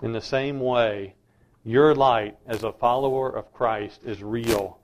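A man's voice: mid-range voice, steady tone, takes it slowly, slight background noise. A middle-aged man preaching a sermon as a pastor, emphatic and insistent.

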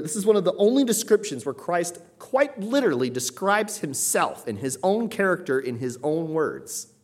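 A man preaching a sermon, explaining scripture in a conversational way and raising his voice when he reads passages aloud. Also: a little high. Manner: emphatic, rising sharply when reading scripture aloud; conversational asides with light laughter.

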